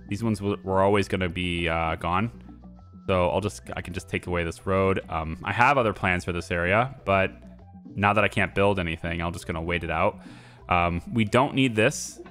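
A man giving casual commentary over a strategy game he plays, relaxed and thinking aloud with frequent ums and restarts. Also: low-pitched. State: has hiccups. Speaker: gameplay video creator.

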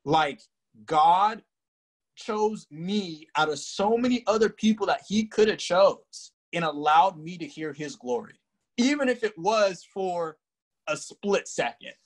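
A young man tells his personal testimony in a relaxed, earnest way, voice sitting a bit high for a man. He leans on casual fillers as he recounts the story. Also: slow. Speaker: guest sharing testimony.

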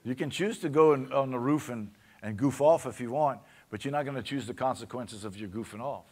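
Male pastor, Cajun accent, mid-pitched, conversational sermon delivery with frequent call-and-response. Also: a little fast, a little mellow. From Louisiana. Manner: conversational preaching, often asking the congregation for an amen.

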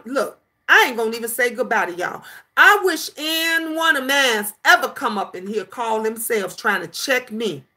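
A middle-aged grandmother ranting in casual commentary, emphatic and scolding, animated as she tells stories. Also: on the high side. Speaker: commentary channel host.

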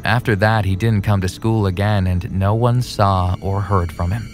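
A man narrating a first-person horror story in a steady, plain scripted read. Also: lowish voice, moderate pace. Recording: soft music underneath.

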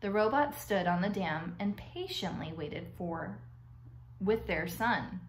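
A woman teacher reading a chapter book aloud to her class, relaxed and casual, with a few small slips. Her voice sits at an ordinary height and sounds roomy and echoey, with faint noise behind it. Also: mid-range voice, normal speed. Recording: echoey room.

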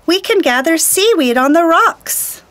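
A woman's voice: on the high side, lively intonation, slow pace, a bit bright. A woman voicing Raven, a clever male trickster bird, pleading and then giving orders in a children's story.

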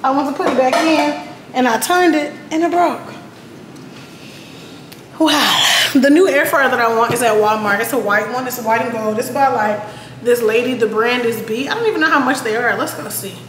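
A woman's voice: fairly high pitch, normal speed, fairly bright tone. A woman vlogging at home, chatty and casual, talking straight to her viewers and cursing when annoyed. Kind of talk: casual vlog chat. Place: apartment at home. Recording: echoey room with background noise.

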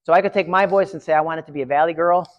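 A man giving a live conference session, chatty and energetic, talking to his audience. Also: a little high, rapid-fire, muffled recording. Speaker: conference presenter. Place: large conference room. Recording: reverberant hall.

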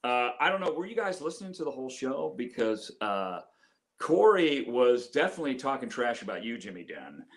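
A male radio morning show host chatting with guests on a video call, joking and laughing quickly. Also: mid-range voice, very animated. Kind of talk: casual chat on a video call.

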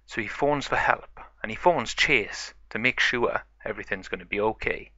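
A man's voice: on the low side, normal speed, pushed and bright, dry recording, muffled recording. A man casually narrating a toy-play story in rambling run-on sentences.

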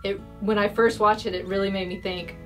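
A woman guesting on a casual YouTube interview. She answers in a bubbly way, giggling between thoughts. Her voice has a middling pitch, with light music faintly underneath. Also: flat delivery, a little fast, a bit bright.

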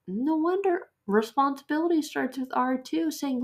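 A woman's voice: high voice, normal speed, hardly any pauses. Earnest woman giving a devotional talk. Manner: earnest and emphatic, repeating short phrases; drops to soft near-whisper in prayer passages. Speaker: podcast host teaching on prayer.

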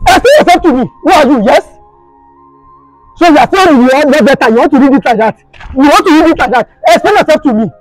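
A man with a Nigerian accent playing a furious strict father who fires hectoring questions in a shout. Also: extremely high pitch, expressive, quick pace, faint music behind, poor audio. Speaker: actor in a comedy skit.

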